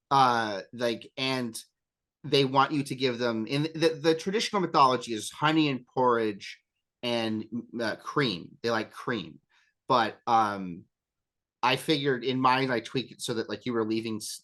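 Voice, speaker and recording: A man's voice: mid-range voice, a bit bright. A man chatting casually as a game master, rambling with self-deprecating asides. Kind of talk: casual chat.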